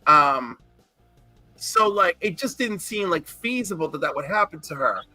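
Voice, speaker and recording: A man's voice: fairly high pitch, animated, unhurried, sharp tone, no echo, soft background music. A man in casual podcast chat, telling a long personal story in a rambling, earnest way and swearing freely. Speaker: podcast co-host.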